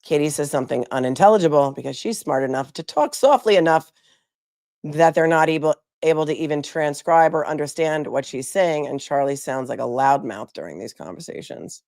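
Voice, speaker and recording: Woman attorney commentator; low register, dry sound, blunt sarcastic delivery while reading transcripts. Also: a little fast, darkish tone, no room sound. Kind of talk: live legal commentary, reading transcripts aloud.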